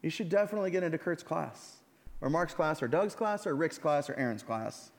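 A man preaching a sermon as pastor, telling stories with lively acted-out voices. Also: a little high, fairly quick, gravelly, big-room sound. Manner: animated storytelling, acts out voices in anecdotes. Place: church sanctuary.

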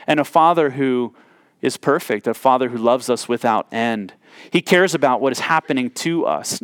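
A man's voice: on the high side, a bit bright, no echo, clean studio sound. A man in his thirties preaching a sermon as a pastor, earnest and reflective, often restarting and repeating words as he reaches for a phrase.

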